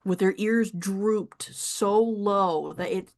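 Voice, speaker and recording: A young adult woman narrating as game master, describing scenes with pauses and easy laughs. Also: medium pitch, fairly even intonation, a little mellow.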